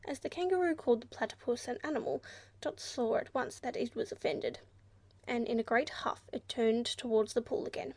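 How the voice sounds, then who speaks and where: A woman narrating a children's storybook in a clear, measured reading voice. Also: on the high side, animated, darkish tone, no room sound. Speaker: audiobook narrator.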